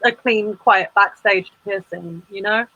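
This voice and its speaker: A woman's voice: medium pitch, unhurried, pushed and bright, no room sound, muffled recording. A woman performance artist chatting as an interview guest, with lots of fillers and restarts. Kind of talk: casual interview chat.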